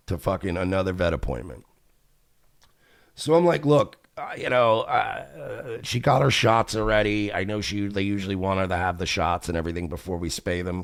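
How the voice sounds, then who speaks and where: Low-voiced exasperated man ranting. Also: dry recording, clean studio sound. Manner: profane, exasperated, acts out both sides of conversations. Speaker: radio show host. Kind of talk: casual storytelling rant.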